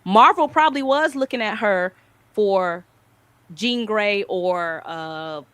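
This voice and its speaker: A woman's voice: mid-range voice, slow, a bit bright, clear, resonant tone, no room sound. Young woman co-host, emphatic and opinionated, dry close mic. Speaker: podcast co-host. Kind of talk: casual chat.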